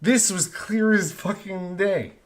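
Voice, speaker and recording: A man's voice: high voice, slow pace. A man ranting on a live stream, frustrated and profane, often repeating himself. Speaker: live stream host, vector artist.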